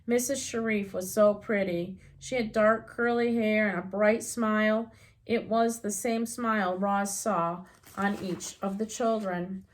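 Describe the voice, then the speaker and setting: A woman reading a children's novel aloud as an audiobook reader, unhurried and gently expressive. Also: medium pitch.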